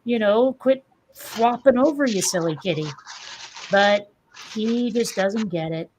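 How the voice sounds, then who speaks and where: A woman in casual chat, talking in a wry, animated way and telling stories. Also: medium pitch, unhurried, slight background noise. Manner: chatty, wry, animated storyteller. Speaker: podcast co-host.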